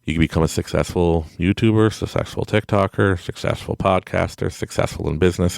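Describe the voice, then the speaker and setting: Deep gravelly man, rambling podcast pep talk. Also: expressive, fairly quick, dry recording, clean studio sound. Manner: rambling, self-deprecating, laughs often. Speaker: podcast host. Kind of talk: casual motivational monologue. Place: at home, recording at night.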